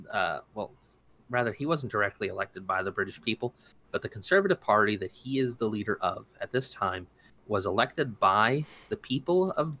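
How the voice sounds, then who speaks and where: A man's voice: lowish voice, a bit bright. A man co-hosting a casual commentary podcast, rambling and indignant, with many restarts and fillers. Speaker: podcast co-host.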